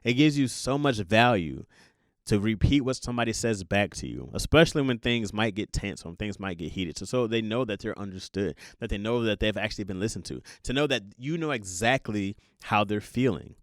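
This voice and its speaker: A man's voice: lowish voice, lively intonation, a little fast, dry recording, clean studio sound. A young adult man hosting a casual monologue podcast, telling stories with playful voiced asides and laughs. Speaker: podcast host.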